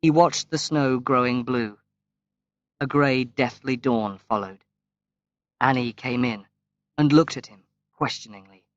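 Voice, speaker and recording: A man reading a graded-reader story aloud as audiobook narration, slow and measured with long pauses. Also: medium pitch, no room sound. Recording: dry, slightly dull lo-fi recording.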